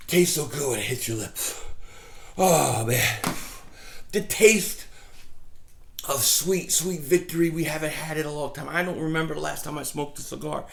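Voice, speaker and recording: A middle-aged man rambles through an animated outdoor vlog rant. His voice sits high and carries a rough, gravelly edge. He tells his stories casually and slips into mocking impressions of other people. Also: normal speed, pauses often. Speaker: fan vlogger.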